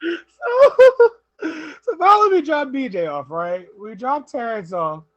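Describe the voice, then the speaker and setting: This is a young man telling drinking stories on a casual podcast. His voice is high for a man, and he keeps acting out the people in his stories. The recording is dry and slightly dull. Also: takes it slowly, no room sound. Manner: animated storyteller, laughs often, quotes people. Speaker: podcast host.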